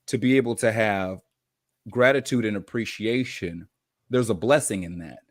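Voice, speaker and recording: A man on a podcast as a guest coach, telling a story in an animated, informal way. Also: on the low side, moderate pace, no echo, clean studio sound. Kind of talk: casual storytelling.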